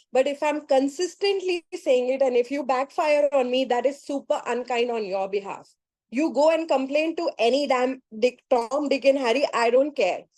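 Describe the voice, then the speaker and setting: Firm woman facilitator on a video call; high-pitched, dry close sound, insistent delivery. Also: a little mellow, no room sound, rough recording. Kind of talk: group call talk.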